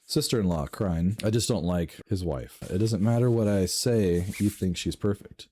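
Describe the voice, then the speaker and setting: Low, mellow man reacting to stories. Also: moderate pace. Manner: animated, laughs often, swears, jumps up in pitch for emphasis. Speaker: host reading and reacting to online stories. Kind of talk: casual reading and commentary.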